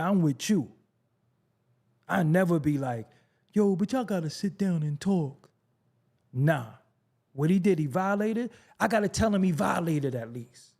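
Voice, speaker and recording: Blunt, animated male show host. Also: creaky, breathy edge. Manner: blunt, swings from low mutters to high incredulous outbursts. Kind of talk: casual commentary monologue.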